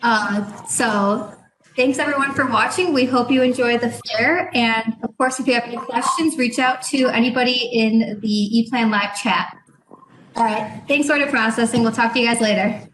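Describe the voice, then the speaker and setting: A woman host wrapping up a live stream chat in an upbeat, brisk way. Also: fairly high pitch, a bit bright, roomy sound, a little hiss or hum, low-quality recording.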